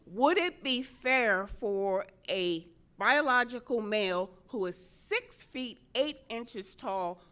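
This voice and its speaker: A middle-aged woman who serves as a state senator tells a personal story to a convention crowd. She's animated, laughs often, and acts out what people said, speaking in a mid-range voice.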